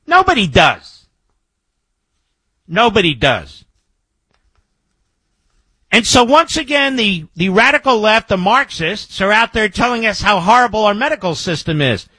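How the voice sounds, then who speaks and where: A man's voice: sits high, sharp tone, breathy edge, dry recording. A man hosting a talk radio show, delivering an emphatic monologue into a studio microphone and repeating key phrases for effect.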